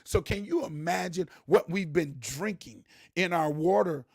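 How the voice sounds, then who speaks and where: A man hosting a live talk show for his viewers, animated and preachy, repeating words and getting louder to stress a point. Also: high-pitched, a little slow, gravelly, slightly rough, dry recording, studio quality. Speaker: host.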